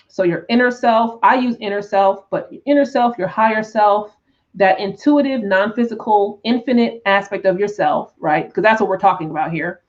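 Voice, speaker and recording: A woman teaching tarot on a live stream, talking in an unhurried, reflective way with frequent restarts and "right?" check-ins. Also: mid-range voice, muffled recording. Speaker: tarot teacher and spiritual coach.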